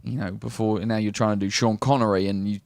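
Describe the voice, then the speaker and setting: A man's voice: on the low side, fairly even intonation, quick pace, vocal fry, no room sound. A man hosting a shipboard morning show, chatting and teasing his co-host. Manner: playful, teasing. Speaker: cruise ship show host. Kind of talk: casual teasing chat.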